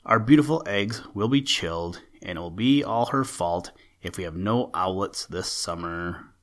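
A proud, grumpy male great horned owl out of a storybook reading, fretting and grumbling in a low voice, played by a man. He sounds put out and full of his own importance. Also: normal speed, a bit bright. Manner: fretful, grumbling.

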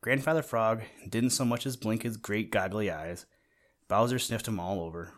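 A man narrating a children's animal storybook, gently addressing the listener along the way. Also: on the low side, steady tone, normal speed.

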